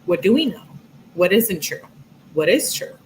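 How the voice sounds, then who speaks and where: A woman with a somewhat low voice reads text messages out loud, one after another. Between them she muses on what she has read in a loose, chatty way, full of "like" and "um". A faint background hum sits under her voice. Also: very animated, moderate pace, poor audio. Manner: chatty, reflective, many fillers like "like" and "um". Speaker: true crime commentator. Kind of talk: reading text messages aloud with casual commentary.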